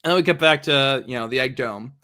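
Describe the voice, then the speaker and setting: A man's voice: medium pitch, fast talker, sharp tone. A man hosting a casual chat about comics, laid back and laughing often while he quotes characters. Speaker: host.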